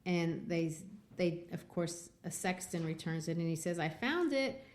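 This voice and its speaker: A woman hosting a literature podcast, retelling and analyzing a novel with lively, filler-laden speech. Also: lowish voice, measured pace. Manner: animated retelling with many fillers. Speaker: podcast host.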